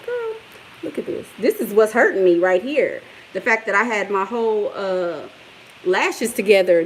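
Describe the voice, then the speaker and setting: Speaking in a mid-range voice at moderate speed, this woman chats in a casual vlog while wandering through her house and yard. She's sassy and lively, laughs a lot, and answers commenters back, and the low-quality home recording carries obvious background noise.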